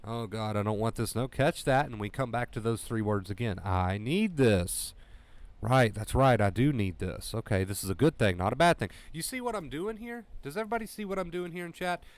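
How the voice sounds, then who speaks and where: A man's voice: medium pitch, fairly quick, hardly any pauses, no echo. A man hosting a livestream as an anxiety coach, talking emphatically to his chat and repeating key phrases. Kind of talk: motivational livestream talk.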